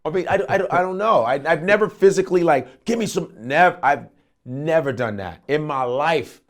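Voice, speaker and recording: A man's voice: fairly high pitch, normal speed. A man, a comedian guest, telling stories and acting out voices with lots of profanity. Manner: profane, jumps into exaggerated impressions. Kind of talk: animated storytelling with acted-out voices.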